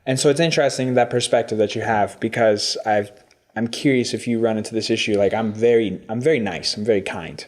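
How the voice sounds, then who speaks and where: A man's voice: fairly low pitch, fairly quick, a little mellow. Thoughtful male podcast host. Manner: thoughtful, searching for words. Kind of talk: casual conversation.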